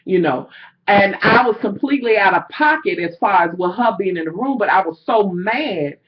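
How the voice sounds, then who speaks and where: A woman's voice: medium pitch, normal speed. Woman vlogger, rowdy storyteller who cusses freely, mid-range voice, slightly muffled lo-fi home recording. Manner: loud, animated storytelling, heavy cursing, slangy. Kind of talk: casual storytime chat to camera.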